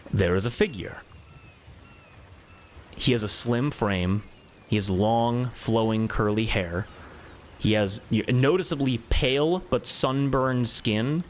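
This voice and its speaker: A man's voice: on the low side, slight background noise. A man narrating a tabletop game as game master, rambling with many fillers.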